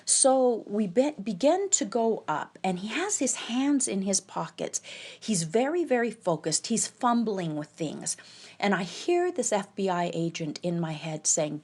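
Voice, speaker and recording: A woman telling a tense personal story, halting and quoting the people she met. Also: medium pitch, very animated, darkish tone, slightly rough. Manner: tense, halting retelling with quoted dialogue. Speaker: podcast storyteller.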